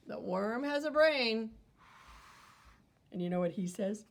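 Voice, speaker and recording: A woman's voice: a little high, animated, takes it slowly, pauses often. A woman teacher reading a picture book aloud to children, wondering aloud and explaining as she goes.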